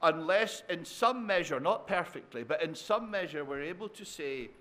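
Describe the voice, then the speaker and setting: A man's voice: fairly high pitch, expressive, normal speed, hardly any pauses, fairly bright tone. A man preaching a sermon, repeating phrases for effect, asking the congregation tag questions and calling them his dear friends. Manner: addresses listeners as dear friends.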